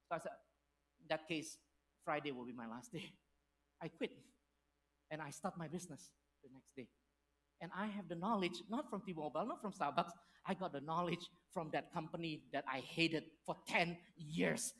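Storytelling pastor preaching. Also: male voice, fairly high pitch, moderate pace. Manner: storytelling with lively acted-out quotes, non-native phrasing. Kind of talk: sermon.

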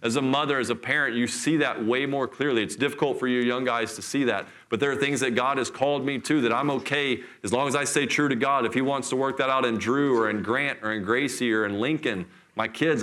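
A middle-aged man preaching a sermon in church, telling a scripture story with lively, acted-out voices. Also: mid-range voice, brisk, few pauses. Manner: animated storytelling, acts out voices. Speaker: pastor.

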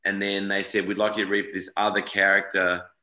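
The voice sits low and level, delivered briskly with a pushed, bright quality. It belongs to an Australian actor in his forties chatting casually in an interview, rambling with repeated words and frequent corrections, recorded roughly in a reverberant space.

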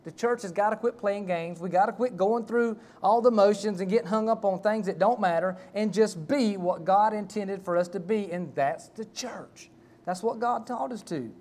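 A middle-aged man preaches from the pulpit. His voice sits high for a man. He tells his story in a folksy, rambling way, full of restarts and asides. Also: normal speed, a little mellow. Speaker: pastor. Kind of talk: sermon with personal story.

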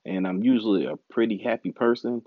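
A man's voice: on the low side, brisk, no echo. A married man hosting his own podcast, ranting casually, frustrated, profane and rambling. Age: adult, married. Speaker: podcast host. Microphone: home recording setup. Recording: dull, dry lo-fi home recording.

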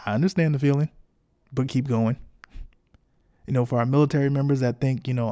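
A man hosting his own podcast in a casual solo monologue. He talks frankly and encouragingly, in relaxed everyday slang. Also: medium pitch, a little fast. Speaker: podcast host.

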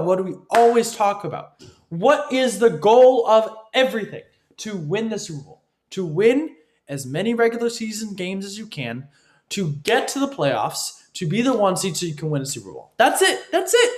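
A man's voice: sits high, lively intonation, moderate pace. A man delivering an opinionated football analysis monologue, emphatic and repetitive, often asking his listeners "right?". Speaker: sports commentator.

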